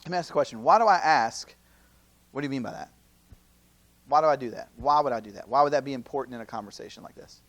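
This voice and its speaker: A campus minister in his thirties giving a conversational teaching talk at a youth seminar, full of rhetorical questions and quick acted-out quotes. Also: mid-range voice, lo-fi sound. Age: 30s. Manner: acts out quoted speakers in lively asides.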